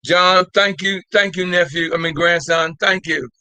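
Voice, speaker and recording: A man's voice: high-pitched, steady tone, moderate pace, sharp tone, clean tone, no echo, poor audio. An older man hosting a live call-in talk show, exhorting his listeners in a repetitive, folksy way and calling them "y'all.".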